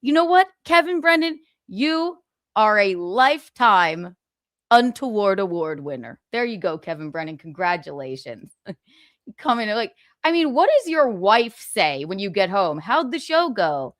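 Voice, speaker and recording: A woman's voice: mid-range voice, big pitch swings, a little slow, fairly bright tone, dry recording, studio quality. A woman hosting a livestream, ranting in casual chat, profane, indignant and mocking, laughing often. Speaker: livestream host.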